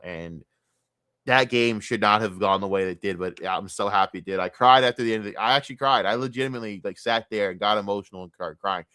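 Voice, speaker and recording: A young man streaming a casual, profane and rambling sports rant, talking excitedly. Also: on the low side, no room sound, studio quality.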